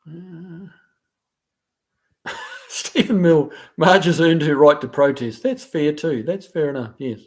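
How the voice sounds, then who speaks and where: A New Zealand man hosts a live stream, chatting casually as he reads viewer comments aloud and answers them loosely, full of fillers and restarts. His voice sits on the high side, and he talks slowly with frequent pauses.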